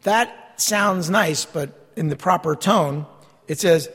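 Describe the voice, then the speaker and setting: High-voiced preacher in a reverberant hall. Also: male voice, lively intonation, slow, fairly bright tone, husky. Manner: conversational, asks rhetorical questions. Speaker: pastor. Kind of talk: sermon.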